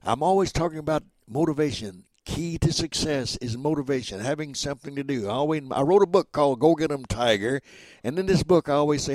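A man in his seventies from Oklahoma, telling stories as an interview guest in an animated, rambling, dramatic way. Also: on the high side, a little fast, dry recording. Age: 70s. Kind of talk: storytelling interview.

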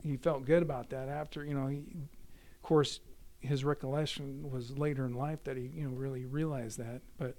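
A man's voice: mid-range voice, normal speed, a little hiss or hum. Man retelling his father's stories. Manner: animated, acts out quoted dialogue. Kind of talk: casual storytelling.

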